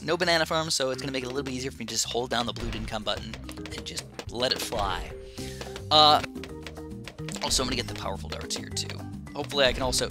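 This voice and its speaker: A young man telling a rambling, excitable story while playing a video game, full of fillers. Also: mid-range voice. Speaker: gaming YouTuber. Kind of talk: casual storytelling over gameplay. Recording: game music behind voice.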